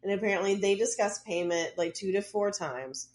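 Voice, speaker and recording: A woman's voice: mid-range voice, moderate pace, a little mellow. Chatty woman podcast host telling a story. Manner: chatty, loose retelling with lots of "like" and wry asides. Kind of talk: casual true-crime storytelling.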